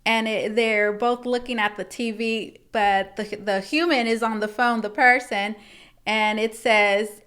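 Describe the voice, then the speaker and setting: A woman sits reading tarot cards for her viewers in a relaxed, rambling way, calling them guys and circling back over her points. Her voice is smooth and clear and sits a little high. She keeps a loose, conversational flow throughout. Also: measured pace. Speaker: tarot reader. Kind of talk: casual tarot reading to camera.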